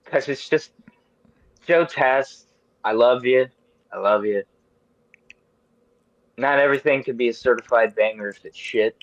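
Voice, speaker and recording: Man in his thirties, podcast host, animated rambling rants with profanity. Dry, lo-fi sound. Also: mid-range voice, measured pace, long pauses, no echo. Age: 30s. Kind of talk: casual chat.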